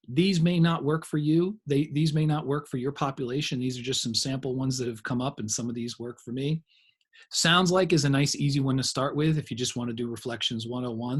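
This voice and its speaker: A man's voice: medium pitch, slightly rough. A middle-aged man giving a recorded training lecture, explaining in a conversational way with examples and asides.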